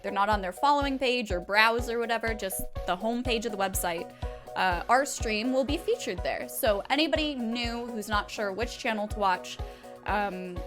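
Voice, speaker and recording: A young woman hosts a live game stream and talks straight to her chat. Her voice sits high, and she chats in an excitable, gushing way. Faint music plays behind her. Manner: chatty, addresses chat directly. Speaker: Twitch streamer. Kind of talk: casual live-stream chat while gaming.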